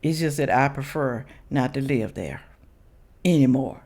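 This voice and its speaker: A woman from Memphis, hosting a reaction video and giving blunt, animated commentary to her viewers. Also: rumbling low, measured pace. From Memphis, Tennessee. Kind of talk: casual commentary.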